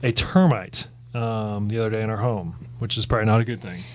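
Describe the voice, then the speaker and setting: A man's voice: lowish voice, fairly even intonation, brisk. Rambling man winding up a joke. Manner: rambling storyteller, winds up to jokes. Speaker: podcast co-host. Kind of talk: casual chat.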